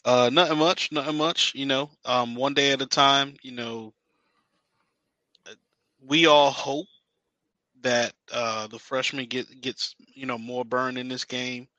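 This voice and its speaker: A man with a mid-range, bright voice talks haltingly, pausing on "um" and restarting his thoughts. He is recorded close, with a dry sound. It is a casual chat as co-host. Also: mid-range voice, fairly even intonation, no room sound, rough recording.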